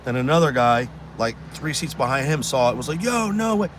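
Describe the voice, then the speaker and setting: A man chats on a live stream outdoors, telling stories with lots of energy at a middle, everyday pitch. A faint hum of passing cars sits behind him. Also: a little fast. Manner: animated, acts out fans' voices. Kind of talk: casual storytelling chat.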